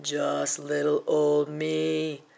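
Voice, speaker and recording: A woman's voice: low-pitched, monotone, extremely slow, creaky, a little mellow, full character voice. A woman doing a hungry bellowing giant. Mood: menacing. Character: big male giant, sniffing and hungry.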